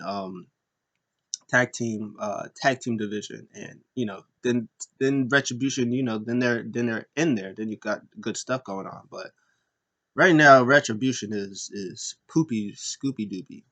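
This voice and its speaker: A young man hosting a wrestling podcast, giving a casual, rambling recap and jumping into squeaky impressions now and then. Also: a bit bright. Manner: rambling, jokey, mimics wrestlers in high squeaky voices.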